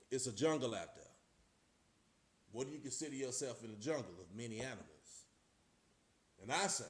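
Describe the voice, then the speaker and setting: A middle-aged man with a Texas accent talks casually to camera as a vlogger, preaching in a streetwise way and firing off rhetorical questions. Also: medium pitch. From Austin, Texas. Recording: roomy echo.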